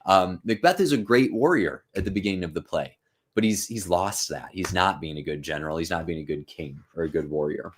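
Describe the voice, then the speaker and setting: A man in his thirties talks through a play during a live-stream lesson. His voice sits low, and he speaks casually, with plenty of fillers and quick "right?" check-ins. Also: a little hiss or hum. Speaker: literature teacher and channel host. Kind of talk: live-stream reading with commentary.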